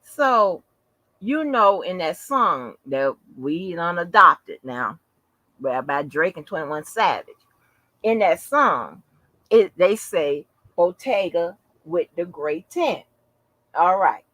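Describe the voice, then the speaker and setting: Lively, profane woman telling a story. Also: on the low side, slow, no room sound, low-quality recording. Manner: animated, profane, acts out quotes. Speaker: channel host. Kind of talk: casual storytelling chat.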